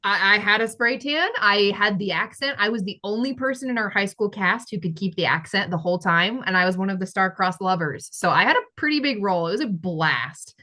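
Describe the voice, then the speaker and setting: A woman's voice: medium pitch, animated, a little fast, hardly any pauses, bright, forceful tone. A young woman co-hosting a podcast, casually telling stories in a bubbly, giggly way. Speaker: podcast co-host. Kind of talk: casual chat.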